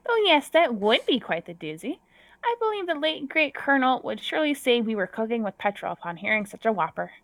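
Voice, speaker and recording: A woman's voice: on the high side, very animated, fairly quick, fairly bright tone, dry recording. A woman voicing a kindly elderly mother with a Wisconsin accent, genteel and old-fashioned in her speech. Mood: doting.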